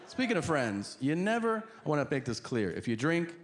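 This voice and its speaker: A man doing stand-up, telling a profane story in an animated way with sudden shouts. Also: on the high side, brisk. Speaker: stand-up comedian. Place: comedy club stage before a laughing audience. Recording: live audience laughter and crowd noise.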